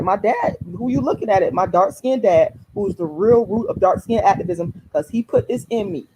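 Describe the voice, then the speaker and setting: A woman's voice: mid-range voice, lively intonation, normal speed, few pauses, warm tone, a little hiss or hum, poor audio. A woman hosting a casual livestream, talking fiercely and emphatically to her viewers, repeating phrases and swearing freely. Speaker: activist livestream host.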